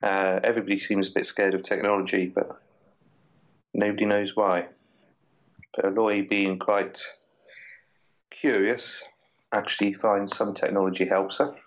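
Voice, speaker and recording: A man's voice: fairly low pitch, little pitch movement, a little slow, pauses often. A man in casual podcast chat, enthusiastically describing a video game he has been playing. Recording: dull lo-fi audio.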